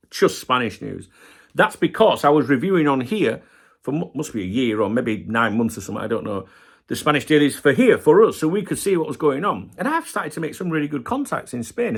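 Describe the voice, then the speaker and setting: A man's voice: medium pitch, gravelly, fairly bright tone, slightly rough. A middle-aged man hosting a football channel, ranting passionately and swearing heavily in a casual video.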